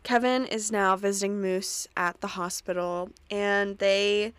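Young woman, casual solo recap host, chatty and sweary, mid-pitched voice, dry recording. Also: fairly even intonation, a bit bright, clear, resonant tone, dry recording. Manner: chatty, swears often, laughs a lot, quick asides. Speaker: podcast host recapping a TV episode.

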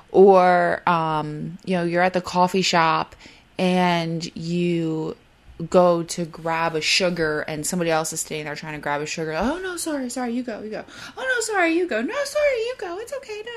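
Podcast host, woman, lowish voice, quick and excitable, chatty and candid. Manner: fast, excitable talker who slows herself down; mimics flustered apologies in a high voice. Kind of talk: casual solo podcast talk.

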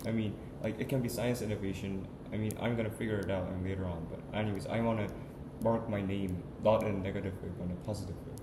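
A man's voice: lowish voice, fairly even intonation, noisy background. Earnest teenage boy in echoey room. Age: teens. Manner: earnest, halting with restarts. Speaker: podcast co-host. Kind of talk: casual chat.

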